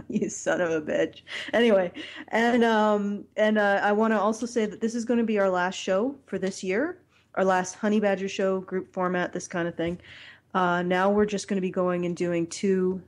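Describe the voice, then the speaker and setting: A woman hosting a casual podcast chat, talking in a rambling, halting way with many fillers and restarts. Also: mid-range voice, fairly even intonation. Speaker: podcast host.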